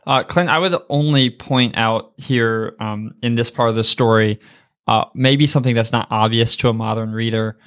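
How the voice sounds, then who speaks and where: A man with a mid-pitched voice joins a conversational bible commentary. He explains his points by thinking out loud. He fills the gaps with hesitations and keeps reaching for the right word. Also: fairly even intonation, normal speed, clean tone. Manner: searching for words, many fillers. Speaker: bible study co-host.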